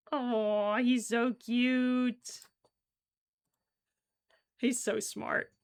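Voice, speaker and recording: A young woman with a gravelly, mid-range voice chats casually with her stream while crocheting. She giggles a lot and often breaks into exclamations.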